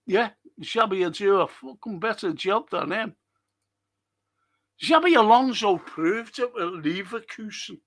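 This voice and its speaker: A man's voice: sits high, fairly bright tone. A man hosting a fan live stream. He reads out viewer comments and answers them in a blunt, exasperated way, swearing often. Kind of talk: casual chat reading viewer comments.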